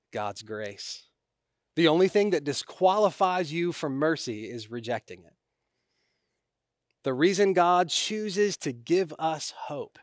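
A man preaching a sermon, earnest, rising in force on key lines and then dropping to a hush. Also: mid-range voice, no echo, clean studio sound. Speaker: pastor.

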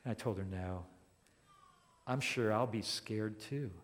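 A man preaching a sermon as a pastor, speaking deliberately and building to emphatic declarations. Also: fairly low pitch, long reverb tail. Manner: slow and deliberate, rising to emphatic.

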